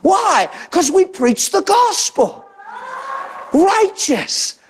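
Very high-voiced man preaching animatedly. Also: drawn-out words, a little hiss or hum. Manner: animated, acts out quoted dialogue. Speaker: pastor. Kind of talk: sermon storytelling.

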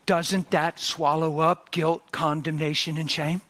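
Animated bright-voiced male preacher. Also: on the high side, measured pace. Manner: animated, dramatic swings from loud to hushed, acts out biblical voices. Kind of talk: sermon.

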